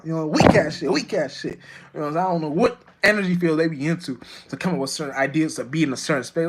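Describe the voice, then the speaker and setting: A man talks quickly in a slightly high voice, rambling through a profane spiritual monologue. He keeps restarting his sentences and leans on "you know what I'm saying." Now and then he jumps up sharply in pitch and volume. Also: husky. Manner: jumps high and loud when acting out his own outbursts. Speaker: vlogger.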